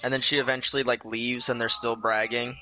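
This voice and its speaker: Bright-voiced young man, rambling chat. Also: mid-range voice, little pitch movement, a little fast, faint music behind. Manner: rambling, retells sketches with filler and stammers. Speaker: co-host. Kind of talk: casual gaming commentary chat.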